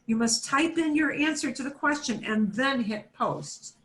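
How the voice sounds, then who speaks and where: Her voice is high, a little slow and fairly bright as she instructs beginners in Spanish on a video call, moving between English and Spanish in a chatty, repetitive way full of fillers and self-corrections.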